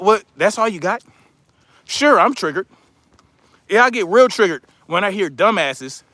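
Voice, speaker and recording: A man's voice: sits high, pushed and bright, no room sound. A man hosting a livestream who rants in a heated, profane, mocking way. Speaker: livestream commentary host. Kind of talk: casual livestream rant.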